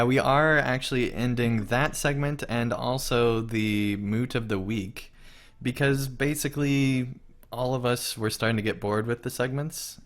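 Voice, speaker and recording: A man co-hosting a game podcast, explaining things in an unhurried, casual way. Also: fairly low pitch. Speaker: podcast co-host. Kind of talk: casual chat.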